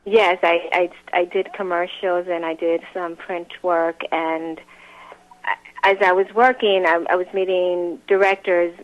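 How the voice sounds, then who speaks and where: A woman's voice: on the low side, little pitch movement, unhurried. An actress guest chatting in an interview, laughing often and restarting her sentences. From grew up in a Latin music home, now New York. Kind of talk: casual interview chat. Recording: phone-line sound.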